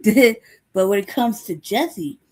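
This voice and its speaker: A woman's voice: medium pitch, slow. A woman hosting a casual live chat, telling stories, laughing often and swearing freely. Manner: laughing often, profane, animated storytelling. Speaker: host.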